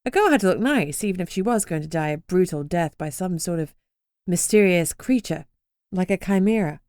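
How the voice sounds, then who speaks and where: A woman's voice: lowish voice, expressive, brisk, darkish tone, dry recording, clean studio sound. A woman narrating a first-person urban fantasy audiobook in a wry, sardonic way.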